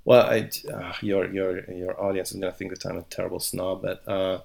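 Creaky low-voiced man, hesitant. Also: a little fast. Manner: hesitant, many restarts, lively. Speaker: philosopher guest. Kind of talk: podcast interview.

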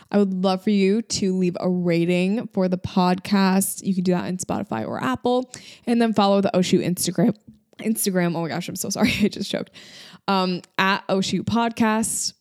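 A woman's voice: mid-range voice, moderate pace, a little mellow, no echo, clean studio sound. A young woman hosting a podcast, chatting casually in a bubbly, rambling way with frequent giggles. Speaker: podcast host. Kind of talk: casual solo podcast chat.

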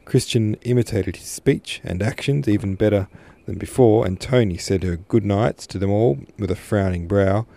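A man reading a classic novel aloud as a podcast host, steady and unhurried. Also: low voice. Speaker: podcast host, literature reader. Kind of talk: audiobook narration.

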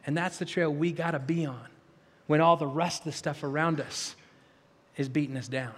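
A man's fairly high voice, at moderate pace, fills a large, reverberant hall as he preaches. This pastor's storytelling is earnest and animated, marked by stammered restarts, and he then leads a prayer.

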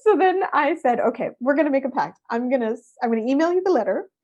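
A middle-aged woman, a guest in an interview, telling a personal story with lively expression. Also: sits high, fast, muffled recording. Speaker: interview guest, workshop speaker.

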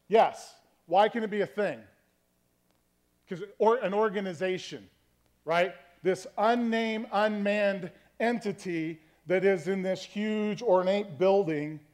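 A man with a notably high voice preaches a sermon in a relaxed, conversational teaching style. He checks in with his listeners often and plays with tone to make his points. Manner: conversational teaching, frequent "okay?" check-ins; varies tone to demonstrate meanings. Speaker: pastor.

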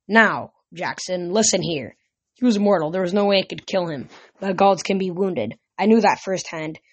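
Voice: medium pitch, dry recording. An amateur reader casually reading a novel aloud, often tripping over words and correcting them. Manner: stumbles and corrects words mid-sentence.

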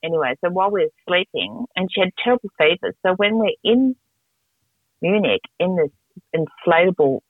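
Middle-aged woman, podcast storyteller, lively swooping delivery, tinny phone-like sound. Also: moderate pace, no room sound. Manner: animated, laughing, jumps between pitches. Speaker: podcast co-host. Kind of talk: casual chat, storytelling.

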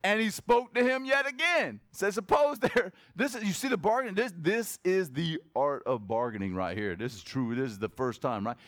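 Clean, dry studio sound carries a male pastor's high voice as he preaches at a moderate pace with hardly any pauses. He's lively and conversational, shifting between shouts and quiet asides and quizzing the congregation.

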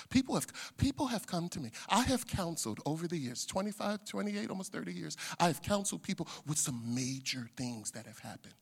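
A middle-aged male pastor preaching a sermon, dropping to hushed asides and rising to loud shouts. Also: on the high side, big pitch swings, brisk, creaky, hardly any pauses, breathy edge. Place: church sanctuary. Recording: long church hall reverb.

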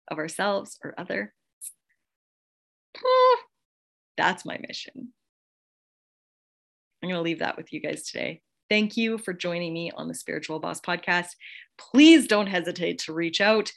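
A woman in her thirties with a fairly bright, higher voice and vocal fry hosts a podcast. She laughs often through a casual, gushing motivational monologue.

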